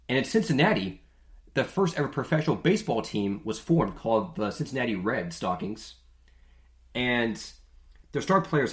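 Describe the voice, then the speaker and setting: A male podcast host talking in a casual, jokey monologue, with a mid-range voice. He is chatty and leans on filler words. The recording rings in an echoey room. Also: mid-range voice.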